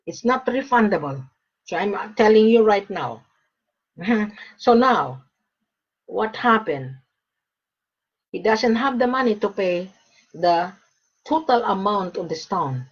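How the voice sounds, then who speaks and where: A woman's voice: medium pitch, lively intonation, takes it slowly, long pauses, slightly rough. A woman broker talking straight to camera, blunt and emphatic, repeating her points as she gives advice. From Australia. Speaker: gold and diamond broker. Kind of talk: direct-to-camera advice talk. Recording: dull lo-fi recording.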